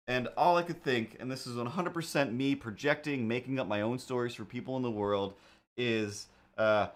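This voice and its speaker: A man hosting a live stream, telling a rambling, animated anecdote in a casual tone. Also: mid-range voice, normal speed. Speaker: host.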